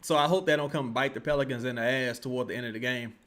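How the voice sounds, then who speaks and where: A man, streaming live basketball commentary, excitable and swearing, erupting into shouts and then dropping to low muttering. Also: fast. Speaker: sports streamer reacting to a live game.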